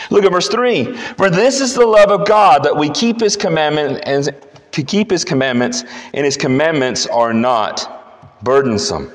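Male pastor, fairly high voice, emphatic preaching, echoing church sanctuary. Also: animated, moderate pace. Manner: emphatic preaching, rising to repeated declarations. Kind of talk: sermon. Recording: long hall reverb.

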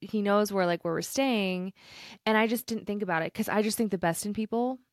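A young adult woman co-hosting a podcast, telling a rambling story in casual chat, stopping and restarting herself with quick laughs. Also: mid-range voice, dry recording, studio quality. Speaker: podcast co-host.

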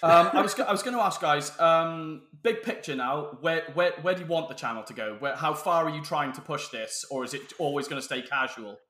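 A man interviewing his guests in a casual chat, asking eager, rapid questions. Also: on the high side, pushed and bright.

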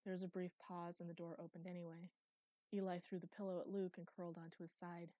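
A woman narrating an audiobook in an even, quiet reading voice on a close mic. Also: lowish voice, fast, no room sound. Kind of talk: scripted narration.

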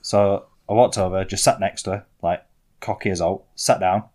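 A man's voice: low voice, fairly even intonation, moderate pace, darkish tone. A young man, telling rambling, self-mocking stories as a podcast co-host. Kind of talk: casual storytelling chat.

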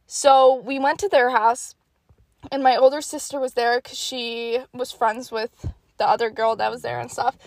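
A young woman hosting her own podcast, telling funny stories in a casual, animated, self-mocking way and swearing freely. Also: a little high, normal speed, creaky, no echo. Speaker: podcast host. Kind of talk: casual storytelling monologue.

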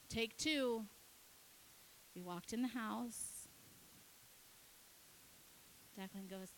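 A woman pastor preaching, telling a story with lively acted-out dialogue. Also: fairly high pitch, slight background noise, rough recording. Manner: animated, acts out her kids and herself in quick dialogue. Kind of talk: sermon storytelling.

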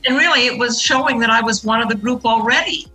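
A woman's voice: a little high, quick pace, bright, forceful tone, faint music behind, poor audio. A middle-aged woman answering interview questions in an earnest, explanatory way, leaning on her key points. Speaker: guest.

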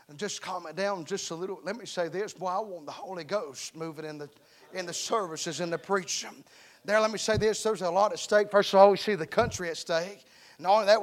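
A man preaching a fervent revival sermon to his congregation, plain-spoken and calling for amens. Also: high voice. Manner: fervent, repeatedly calls for amens; plain-spoken, calls himself uneducated.

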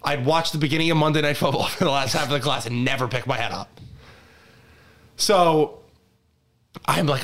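A young man co-hosting a sports podcast, telling a story in a lively, laughing way with plenty of false starts. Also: on the high side, moderate pace, long pauses. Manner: animated storytelling with laughs and restarts. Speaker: podcast co-host. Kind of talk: casual sports podcast banter.

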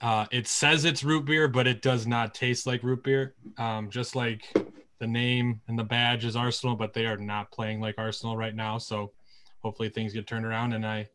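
A man's voice: mid-range voice, little pitch movement, normal speed, a bit bright, a little hiss or hum. A man on a casual football podcast, speaking in a wry, hesitant way.

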